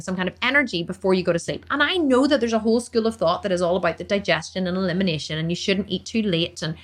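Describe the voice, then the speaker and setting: Speaking in a mid-range voice, a woman who coaches fitness and competes in bodybuilding answers questions on an informal stream. The pace is very fast and the tone energetic, with words repeated for emphasis.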